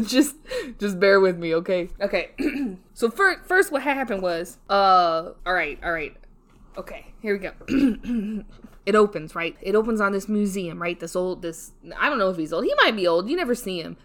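Seated at home, a woman hosts her solo review podcast while drunk, rambling, laughing and trailing off between thoughts. Her voice is mid-range, animated and fairly bright, at a moderate pace.

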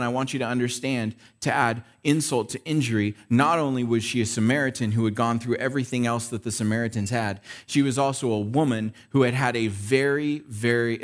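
A male pastor preaching a sermon in a casual way, checking in with the listeners by asking "right?". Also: mid-range voice. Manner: conversational preaching with frequent "right?" check-ins.

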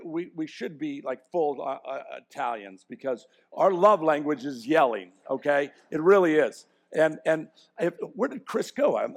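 A middle-aged man preaching a sermon, swinging from quiet, self-mocking asides to loud, emphatic points, with frequent restarts. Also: on the high side. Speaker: pastor.

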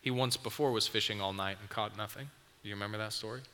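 A man's voice: lowish voice, fairly even intonation, fast talker, sharp tone. A man preaching a sermon, retelling a story vividly to his audience in a church or event hall. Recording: long hall reverb, faint noise.

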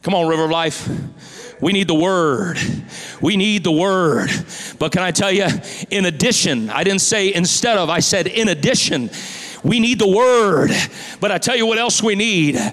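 A male pastor preaching a sermon in a church, impassioned and rising to shouted pleas. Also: high-pitched, expressive, normal speed, big-room sound.

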